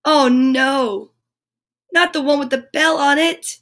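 A woman voicing a fretful little male storybook creature who is easily cross and cries out in a high, anxious voice. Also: fairly even intonation, slow pace, a bit bright. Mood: upset.

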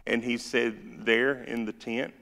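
Southern pastor, gravelly, folksy sermon delivery, church hall reverb. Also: male voice, medium pitch, little pitch movement, slow, bright, forceful tone. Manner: folksy, joking, reads scripture with rising force. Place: church sanctuary.

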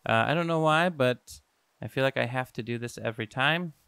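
A young man giving excitable, self-mocking let's-play commentary to his viewers as a gaming YouTuber. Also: medium pitch, fairly quick, vocal fry, clean tone, dry recording, studio quality.

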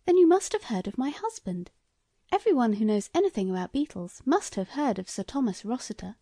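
An anxious, grieving middle-aged lady speaks up eagerly in a raised voice, as a woman reader puts her on. The sound is mellow and dry. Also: on the high side, very animated, a little fast, no echo.

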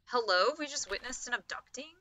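A woman's voice: on the high side, expressive, fairly quick, sharp tone. A young woman streaming a game, giving casual commentary, jumpy and easily spooked, often laughing. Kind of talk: casual let's-play commentary.

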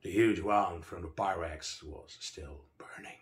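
A man reading a first-person story aloud with dramatic pacing, slowing down for emphasis. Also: deep voice. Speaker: narrator. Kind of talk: first-person audiobook narration.

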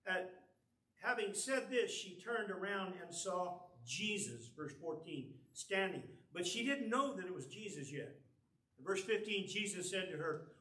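Male preacher, earnest sermon, high bright voice, miked from afar in a roomy church. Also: expressive, measured pace. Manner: earnest, explanatory, reads scripture aloud. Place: church sanctuary. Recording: echoey church from far off.

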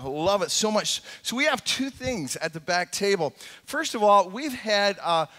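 A man preaching a sermon as lead pastor, talking casually with many fillers and restarts, and dropping to a soft, low voice when he prays. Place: church sanctuary.

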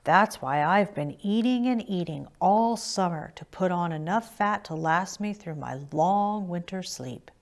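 A woman's voice: on the low side, animated, unhurried, few pauses. A woman doing a lumbering brown bear. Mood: good-natured.

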